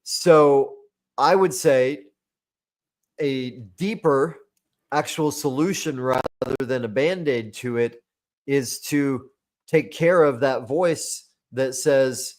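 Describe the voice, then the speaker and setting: A man's voice: medium pitch, takes it slowly, darkish tone. A man, a personal growth coach, explaining his method step by step in a podcast conversation, using homely metaphors.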